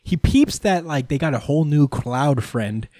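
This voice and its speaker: A man hosting a casual recap chat, animated, swearing freely and laughing often as he tells the story. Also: on the high side, moderate pace, no room sound, studio quality. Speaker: host.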